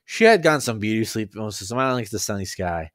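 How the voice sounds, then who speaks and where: A man's voice: fairly low pitch, animated, quick pace, fairly bright tone, dry recording, clean studio sound. A man casually reading fan fiction aloud, stumbling over words and making joking asides. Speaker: story reader.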